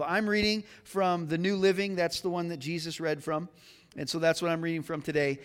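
Chatty male pastor, light and joking, slightly high voice, preaching in a reverberant church. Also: moderate pace. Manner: chatty and joking, many fillers and restarts. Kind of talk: casual conversational sermon. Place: church sanctuary.

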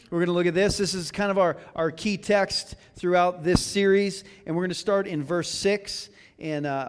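Chatty male pastor, light and joking, slightly high voice, preaching in a reverberant church. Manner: chatty and joking, many fillers and restarts. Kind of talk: casual conversational sermon. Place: church sanctuary.

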